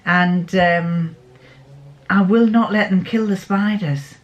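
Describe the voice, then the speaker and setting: A woman's voice: on the low side, fairly even intonation, slow pace. Chatty woman, casual vlogger. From England. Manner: chatty, rambling storyteller with fond diminutives. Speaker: sewing vlogger. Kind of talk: casual chat.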